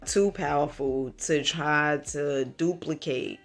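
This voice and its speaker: A Southern US-accented vlogger with a deep voice gives a slow, emphatic, preachy motivational talk to the camera, calling the listener honey and checking in with "right?" and "okay?". Faint music plays behind her.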